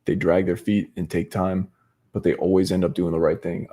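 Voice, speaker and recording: Deep, warm male guest from the United States, laid-back and sincere. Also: flat delivery, normal speed. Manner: earnest, laid-back, says man and yeah a lot. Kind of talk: casual interview chat.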